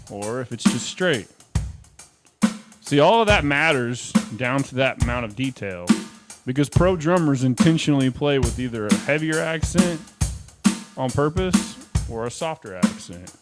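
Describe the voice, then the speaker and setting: A man's voice: medium pitch, animated, moderate pace, loud music behind the voice. A man teaching a casual drum lesson, chatty and counting rhythms aloud over his kit. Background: drum kit playing.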